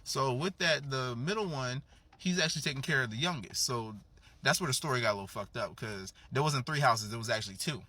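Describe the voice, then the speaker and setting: A man casually telling a comedic story at home, profane and slangy, acting out the characters' lines with big jumps in pitch. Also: fairly quick, bright, forceful tone, breathy edge, no echo. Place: home with a dog in the back.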